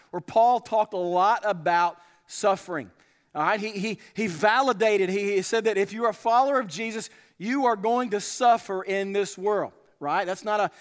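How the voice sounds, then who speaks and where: A male pastor preaching a sermon, earnest and emphatic, often asking the listeners rhetorical questions. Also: sits high. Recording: long hall reverb.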